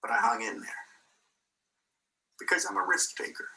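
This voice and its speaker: Older man, guest speaker, bright tone, distant mic, storytelling with small laughs. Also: sits high, lively intonation, normal speed, vocal fry. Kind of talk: motivational personal story.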